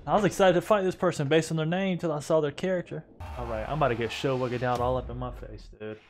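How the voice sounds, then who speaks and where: A man's voice: on the high side, fairly even intonation, fast talker, a little mellow. A man giving casual gameplay commentary as a streamer, joking and teasing his opponents. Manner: playful, teasing trash talk.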